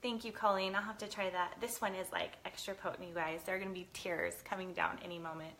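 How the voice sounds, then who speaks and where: A woman's voice: on the low side, fairly even intonation, fast talker, creaky, fairly bright tone, slight background noise. Chatty woman hosting a live kitchen stream. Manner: chatty, reads viewer comments aloud, laughs often. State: teary from cutting onions. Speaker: lifestyle show host. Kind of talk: live cooking stream chat. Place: home kitchen.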